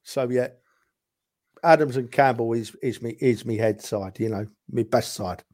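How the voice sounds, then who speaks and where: A man's voice: medium pitch, unhurried, a little mellow. A man in casual chat, reminiscing about favourite players, rambling with chuckles and restarts. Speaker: podcast guest, football fan.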